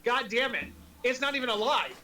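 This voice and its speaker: A man running a tabletop game as dungeon master, narrating in a halting way. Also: very high voice, expressive, sharp tone. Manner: halting, laughs often. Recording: echoey room.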